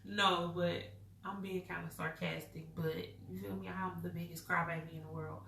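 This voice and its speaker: A woman's voice: fairly low pitch, little pitch movement, moderate pace, gravelly, bright, forceful tone, a little hiss or hum. A young woman doing a casual spiritual card reading, candid, profane and goofy, laughing often. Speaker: intuitive card reader. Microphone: microphone. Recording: roomy, distant mic, faint music.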